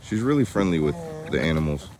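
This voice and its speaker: A young man vlogging casually around his farm and new house, chatting, laughing often and using high baby talk with the animals. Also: big pitch swings, fast talker, a little mellow. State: soaked from rain. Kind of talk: casual vlog narration. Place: outdoors on a farm, and a house under construction.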